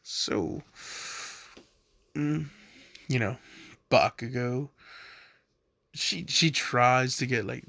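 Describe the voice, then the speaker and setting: Young man, casual storytelling, rambling, gravelly voice, dry close sound. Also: medium pitch, very slow, pauses often, bright, forceful tone, dry recording. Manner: rambling, full of "like", jumps into quoted voices. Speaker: fan storyteller.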